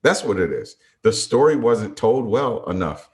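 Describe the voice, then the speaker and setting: Male podcast co-host, lowish voice, halting and reflective casual talk. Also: big pitch swings. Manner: hesitant, restarts often, thinks aloud. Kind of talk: casual chat.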